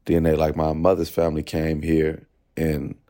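Opening up as an interview guest, this young musician speaks in a deep, low, warm voice that stays monotone. He muses at a relaxed pace, leaning on fillers like "like" and "you know" while working through his thoughts out loud.

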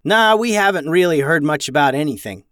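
Male narrator as mellow young dragon, sleepy, easygoing. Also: a little high, animated, fairly quick, clean tone, no echo, clean studio sound, voice pushed up. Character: groggy human-sized young male dragon.

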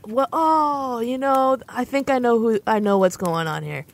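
A woman's voice: a little high, unhurried. A woman playing a tabletop game, joking playfully in character. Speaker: player. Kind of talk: casual tabletop role-play.

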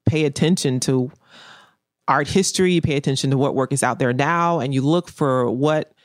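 A woman's voice: a bass voice, normal speed, no room sound, studio quality. A woman painter in a casual interview, speaking bluntly and repeating her main points for emphasis. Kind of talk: candid casual interview talk.

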